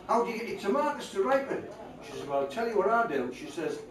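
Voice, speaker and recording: Older man, high-voiced, music hall singer and joke teller, recorded far off in an echoey room. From North East England. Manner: sings comic choruses, rattles through a dialect joke. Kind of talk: singing music hall songs and telling a comic story.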